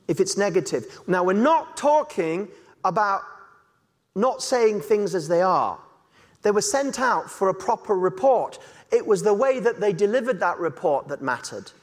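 A man's voice: high voice, fairly bright tone. A man from Yorkshire with a Yorkshire accent, preaching a sermon in a conversational way and acting out little dialogues in different voices. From Yorkshire, England. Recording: reverberant hall.

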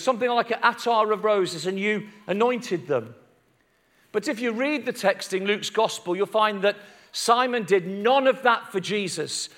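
A middle-aged man preaching a sermon, telling a story with big dramatic swings between loud and hushed, with self-deprecating asides. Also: high-pitched. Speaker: pastor.

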